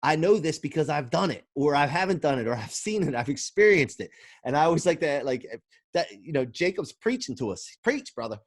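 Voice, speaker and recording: A man's voice: on the high side, animated, a little fast, no echo, clean studio sound. A man hosting a podcast, asking long rambling questions in a chatty, casual way. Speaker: podcast host.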